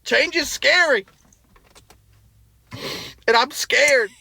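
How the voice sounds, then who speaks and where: A man's voice: very high-pitched, extremely slow, gravelly, sharp tone, dry recording, full character voice. A comedian playing an indignant man ranting about a restaurant. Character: angry Southern male restaurant regular. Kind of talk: comic monologue.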